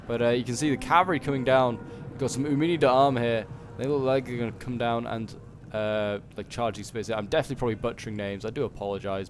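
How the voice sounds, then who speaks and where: A man's voice: medium pitch, slight background noise. A man with a Yorkshire accent giving casual, rambling gameplay commentary, full of "like" and "um" and corrections. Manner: rambling, lots of "like" and "um", self-correcting. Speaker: game channel host.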